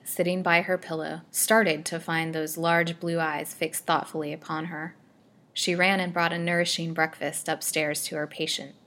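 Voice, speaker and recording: A woman storyteller narrating an old serial novel chapter in a steady, measured reading. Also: low-pitched.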